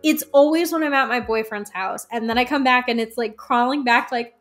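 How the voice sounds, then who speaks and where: Animated, high-voiced woman telling stories. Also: moderate pace, few pauses. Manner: animated, laughing, acts out quoted voices. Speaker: guest, folk magic practitioner. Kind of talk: candid podcast storytelling.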